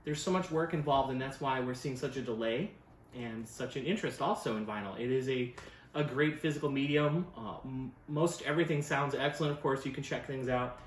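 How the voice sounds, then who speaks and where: A man's voice: mid-range voice, brisk, reverberant, a little hiss or hum. A man hosting a casual record review show, talking enthusiastically and rambling, with many fillers and self-corrections. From United States. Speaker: record store owner and show host. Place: record store.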